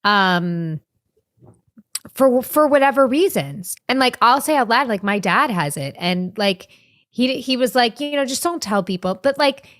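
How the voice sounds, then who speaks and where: A woman's voice: fairly high pitch, expressive, measured pace, a bit bright, no echo, clean studio sound. A woman guest on a podcast, speaking earnestly and emphatically in casual chat.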